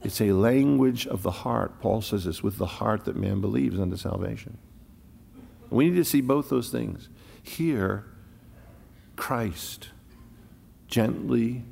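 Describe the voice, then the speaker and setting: A man preaches with a low, gravelly voice that rings in a long church reverb. He climbs to loud declarations, then drops to hushed, slow, almost whispered phrases, leaning on single words. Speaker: pastor. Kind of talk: sermon.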